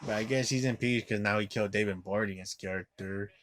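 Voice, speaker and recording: A man's voice: lowish voice, a little fast, a bit bright, slight background noise. A man recapping a film in a profane, rambling rant, full of "like" and flaring into angry outbursts. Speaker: movie reviewer.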